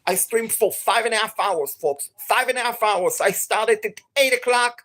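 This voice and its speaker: A woman with an accent, an energetic and enthusiastic gaming streamer chatting live to viewers. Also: on the high side, normal speed. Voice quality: non-native accent.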